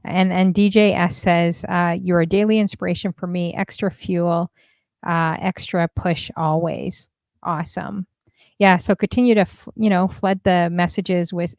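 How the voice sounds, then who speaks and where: A woman's voice: on the low side, creaky, a little mellow, no room sound, studio quality. A woman hosting a casual livestream, chatting and reading viewer messages aloud with lots of fillers. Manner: chatty, many fillers, reads comments aloud. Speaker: stream host.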